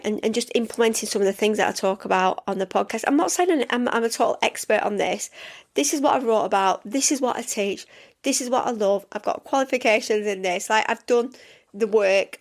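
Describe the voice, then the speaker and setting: A middle-aged woman hosting her own podcast as a coach, chatting in a rambling, enthusiastic way full of fillers and restarts. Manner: enthusiastic, jumps up in pitch when excited. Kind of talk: casual solo podcast chat.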